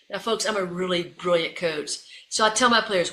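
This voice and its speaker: A middle-aged woman, a guest speaker and coach, telling a story in a lively, animated way and talking to listeners as "folks". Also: medium pitch, a little fast, hardly any pauses. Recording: roomy echo.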